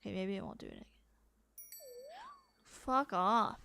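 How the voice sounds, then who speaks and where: A woman's voice: medium pitch, wildly swooping pitch, a little slow, vocal fry, pushed and bright, slight background noise. A young woman streaming a video game, talking casually, swearing freely and laughing often. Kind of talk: casual gameplay commentary.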